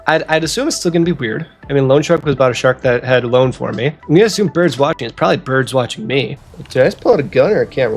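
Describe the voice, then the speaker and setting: A man's voice: fairly high pitch, very animated, fast, hardly any pauses, faint music behind. A young man giving casual, joking let's-play commentary while he plays a game. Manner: casual, joking, hesitant fillers. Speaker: gaming streamer.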